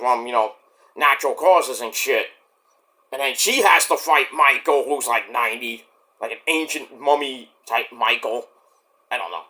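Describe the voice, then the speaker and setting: Bright-voiced rambling New guy. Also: fairly high pitch. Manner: rambling and profane, trailing off. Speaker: podcast host. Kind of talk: casual solo commentary.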